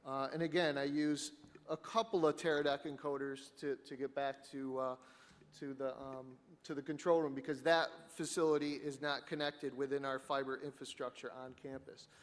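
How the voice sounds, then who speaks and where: A man on a conference panel describing his live sports production setup, talking haltingly with many fillers and restarts. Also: mid-range voice, flat delivery. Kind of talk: panel discussion, technical explanation. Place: conference hall. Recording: echoey conference hall.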